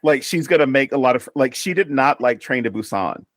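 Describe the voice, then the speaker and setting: A man on a podcast tells family stories in an easygoing, animated way, often breaking into quoted voices. His voice sits at a middle pitch. The sound is dry, with no room around it. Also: a little fast, no echo. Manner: animated storyteller, acts out his mother's lines. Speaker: podcast co-host. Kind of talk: casual chat.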